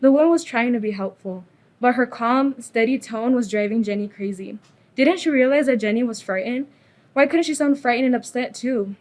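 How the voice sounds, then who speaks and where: A woman's voice: fairly high pitch, moderate pace, darkish tone. Woman reading a story aloud. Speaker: reader.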